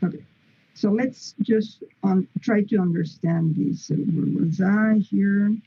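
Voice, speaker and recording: Woman teacher for a streamed grammar class: slow, patient delivery, soft mellow tone, muffled lo-fi sound. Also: mid-range voice, slightly rough. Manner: patient, explains step by step with frequent "mm-hmm" and "okay". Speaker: English teacher. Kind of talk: online English grammar lesson.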